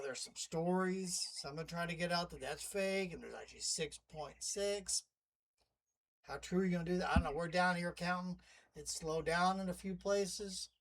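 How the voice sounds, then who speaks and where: Man, high voice, wry, chatty, rambling asides, casual monologue. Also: poor audio. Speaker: vlogger playing a demon narrator.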